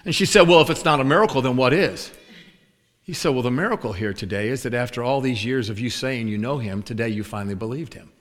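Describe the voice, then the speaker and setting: A man's voice: mid-range voice, quick pace. A male preacher telling a story in a sermon, acting out the voices of the people in it. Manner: animated storyteller acting out both sides of a dialogue. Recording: long hall reverb.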